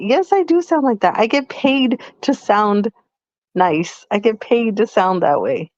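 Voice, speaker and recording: A woman's voice: medium pitch, lively intonation, unhurried, a little mellow, no room sound, lo-fi sound. A woman co-hosting a casual live podcast, chatty and playful, leaning on lots of "like" fillers. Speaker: podcast co-host. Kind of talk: casual live-stream chat.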